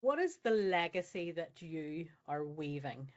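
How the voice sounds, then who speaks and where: A woman's voice: sits low, sing-song, unhurried, highs cut off. A woman hosting a podcast interview, listening and giggling along. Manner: warm listener, giggles and backchannels. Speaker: podcast host. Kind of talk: casual interview chat.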